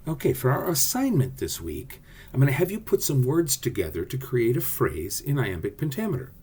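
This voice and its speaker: A man's voice: medium pitch, very animated, moderate pace, a little mellow, slightly rough. A male theatre teacher giving a friendly class video lesson, explaining directly to his students.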